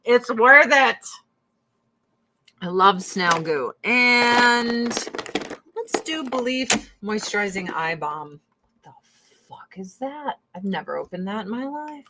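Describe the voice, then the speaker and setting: A woman's voice: mid-range voice, sing-song, measured pace, noisy background. A woman in her forties, chatting casually and bluntly with lots of swearing as she does her skincare at home, talking close to a streaming mic. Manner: profane and blunt, breaks into laughs. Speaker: vlogger. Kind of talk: casual chat during a skincare routine. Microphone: streaming mic close to the camera.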